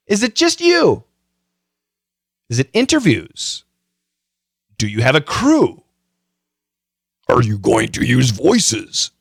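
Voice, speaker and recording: A man's voice: medium pitch, fairly bright tone, dry recording, clean studio sound. A middle-aged man hosting a podcast, giving a casual, chatty tutorial full of self-mocking jokes and frequent fillers. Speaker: podcast host.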